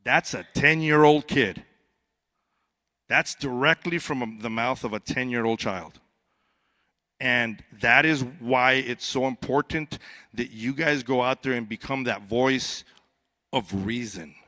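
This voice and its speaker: Taking it slowly, a man with a medium-pitched, pushed and bright voice addresses a live audience on stage. A border patrol agent at a youth summit, he keeps his conference speech conversational and joking, frequently repeating words when starting sentences.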